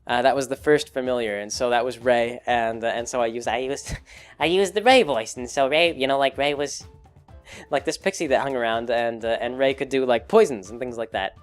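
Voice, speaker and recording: A man's voice: medium pitch, brisk, soft background music. A man casually recounting a tabletop campaign he ran as game master, rambling with many fillers. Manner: rambling, full of fillers and restarts. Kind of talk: casual chat.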